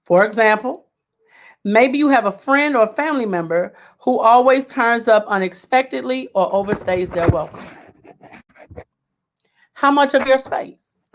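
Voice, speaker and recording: A woman's voice: a little high, animated, unhurried, pauses often. A woman hosting a live self-help talk, speaking emphatically and repeating key points for emphasis. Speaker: host.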